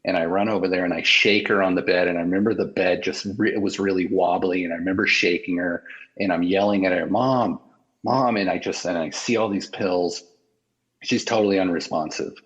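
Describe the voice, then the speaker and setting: A man in an interview, telling a painful personal story in a halting, emotional way with many restarts. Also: sits low, steady tone, fairly bright tone, husky, highs cut off.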